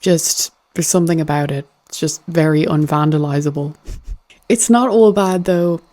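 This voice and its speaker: A woman's voice: low voice, normal speed, dark tone. A woman hosting a casual comedy commentary, amused and sardonic, often breaking into laughter. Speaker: host.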